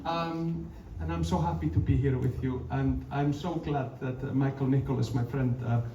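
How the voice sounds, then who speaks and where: A man's voice: medium pitch, steady tone, normal speed, warm tone, lo-fi sound. A man with an Icelandic accent, a singer-songwriter from Iceland, chatting and joking between songs on a live stage, playful and self-mocking, often laughing. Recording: echoey live room, distant mic, background noise.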